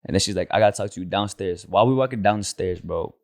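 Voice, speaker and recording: A man with a very low voice tells a personal story in loose, slangy podcast chat and tacks "bro" onto nearly every line. The sound is close and dry, with no room around it. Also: fast, darkish tone, dry recording. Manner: slangy, says "bro" constantly. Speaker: podcast co-host. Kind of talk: casual storytelling. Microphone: handheld mic.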